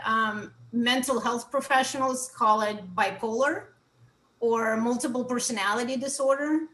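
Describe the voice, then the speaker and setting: A woman in her forties from Russia, an author telling comedic stories on a video call, animated and laughing often. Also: fairly high pitch, unhurried. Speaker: author and comedy show guest. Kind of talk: comedic storytelling. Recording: echoey room with faint noise.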